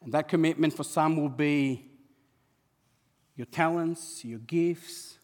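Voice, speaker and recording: High-voiced impassioned preacher man. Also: slow, darkish tone, big-room sound. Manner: impassioned, repeats words when stirred. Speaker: pastor. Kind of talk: sermon.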